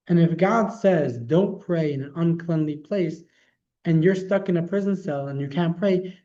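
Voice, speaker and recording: Man, rabbi teaching a class, conversational storytelling, frequent restarts, mellow voice, dull lo-fi recording. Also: a little high. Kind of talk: storytelling lesson.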